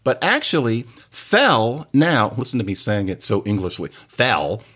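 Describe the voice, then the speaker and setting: A man hosting a podcast and explaining things in a playful, digressive way. His pitch leaps up and down constantly, and he often drops his voice low before bouncing back up. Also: very animated, moderate pace, fairly bright tone. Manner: playful, digressive lecturing with sudden pitch jumps. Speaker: podcast host.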